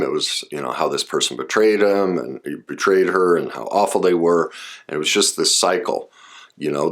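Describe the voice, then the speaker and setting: This relationship and trauma speaker has a low-pitched yet fairly bright voice as he casually explains red flags in relationships to camera. His talk is loose and personal, peppered with asides, filler words, and restarted sentences.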